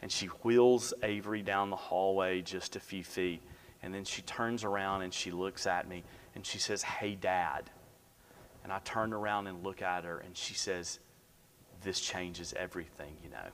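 A man preaching a sermon, telling a personal story and dropping to a hush for the quiet moments. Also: fairly low pitch, a little hiss or hum. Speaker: pastor. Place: church sanctuary. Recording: long hall reverb.

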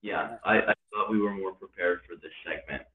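A man's voice: low-pitched, moderate pace. A man co-hosting a casual podcast, self-deprecating and playful. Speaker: podcast co-host. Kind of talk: casual chat. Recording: tinny phone-like, roomy.

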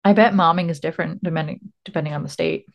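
A woman's voice: low voice, fast, gravelly, highs cut off. A woman co-hosting a podcast, chatting casually and laughing often as she rambles through explanations. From Rhode Island. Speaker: podcast co-host. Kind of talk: casual chat.

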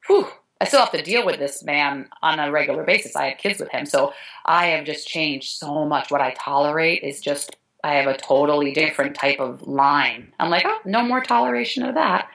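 A woman's voice: low-pitched, normal speed, a bit bright, rough recording. A middle-aged woman, a dance teacher, talking earnestly and emotionally in an interview, often restarting her sentences.

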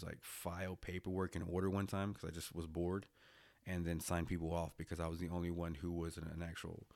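A man's voice: deep voice, vocal fry, darkish tone, no echo, studio quality. A man in his thirties, a military veteran, telling his own story bluntly, swearing often and restarting his sentences. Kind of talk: candid personal storytelling.

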